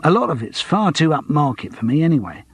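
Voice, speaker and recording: A man voicing a stubborn comedian who speaks bluntly and flatly. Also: a little high, quick pace, breathy edge, voice pushed up, exaggerated voice. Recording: dry close studio.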